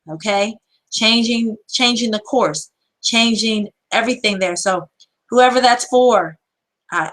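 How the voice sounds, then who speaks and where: A woman's voice: mid-range voice, fairly bright tone, poor audio. A woman hosting an empowerment show, giving earnest, repetitive, preacher-like encouragement in casual motivational talk.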